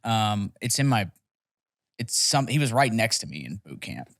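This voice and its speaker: A man's voice: lowish voice, big pitch swings, moderate pace, dry recording, studio quality. A young man telling rambling, profane stories in a casual podcast chat. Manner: rambling, profane storytelling with laughs. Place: podcast studio.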